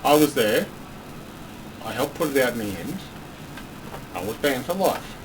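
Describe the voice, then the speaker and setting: A man playing a tabletop game, joking and quick to argue with the game master. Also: mid-range voice, expressive, distant mic, noisy background. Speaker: player. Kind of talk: casual tabletop play.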